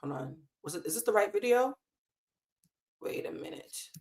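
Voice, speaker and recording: A woman hosts a live stream from a hotel room, speaking at a middle pitch. She talks with raw feeling and swears freely. Her tone is casual and unscripted. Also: expressive, normal speed, darkish tone. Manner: impassioned, emotional, swears freely. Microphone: desk mic in a hotel room.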